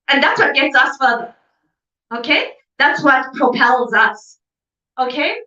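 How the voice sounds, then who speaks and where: This woman speaks in a high, sharp voice with lively intonation and an unhurried delivery full of long pauses. She's a business seminar speaker giving an emphatic motivational talk at a seminar venue, repeatedly checking for agreement with "okay?" The recording is dull, captured from a distance in an echoey room.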